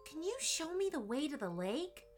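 A woman voicing a gentle, earnest young boy in a storybook reading. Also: sits high, big pitch swings, moderate pace, faint music behind, pitched above the performer's own voice.

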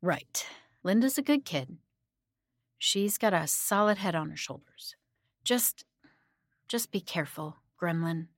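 A careful, caring aunt speaks in earnest, gentle warnings, as a woman narrator puts her on. Her voice sits low and close, with a dry, intimate sound. This is storybook horror narration. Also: animated, measured pace, long pauses, no echo. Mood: cautioning. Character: cautious caring middle-aged aunt.

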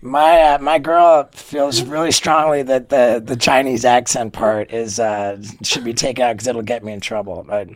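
A man's voice: mid-range voice, fairly even intonation, normal speed, hardly any pauses, no echo. A man guesting on a podcast, telling stories in casual chat with stammering restarts and giggles.

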